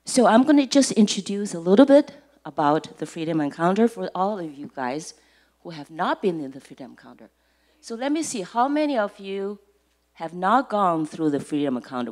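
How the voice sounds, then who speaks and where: A woman preaching a sermon at a church service, deliberate and emphatic, repeating key words and letting her phrase ends sink almost to a whisper. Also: lowish voice, a little mellow. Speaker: church speaker.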